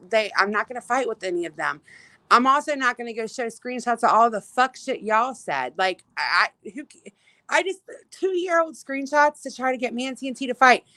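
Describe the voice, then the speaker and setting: A woman talks into her phone outdoors, hosting a casual livestream and firing off exasperated, profane complaints full of fillers and restarts. Her voice is bright and forward. The sound is dry and close, with little room around it. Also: fairly high pitch, no room sound, rough recording. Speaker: livestream host. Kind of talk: casual livestream rant, greeting viewers.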